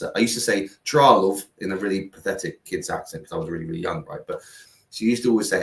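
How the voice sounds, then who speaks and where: A man's voice: sits low, creaky, a bit bright. A middle-aged man, a guest founder, talking in a rambling, earnest way full of fillers and restarts. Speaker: guest, founder of a kindness platform. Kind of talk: casual conversation. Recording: roomy, distant mic.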